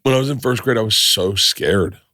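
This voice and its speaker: A man's voice: fairly low pitch, expressive, moderate pace, bright, forceful tone, no echo, studio quality. A middle-aged man hosting a podcast, telling a personal story in casual chat, emotional and laughing as he goes. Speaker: podcast host.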